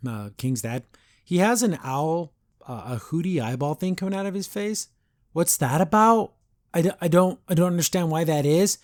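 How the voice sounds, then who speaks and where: A man hosting a podcast, recapping a cartoon episode in a casual, rambling way, full of exasperated rhetorical questions and mocking quotes. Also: medium pitch.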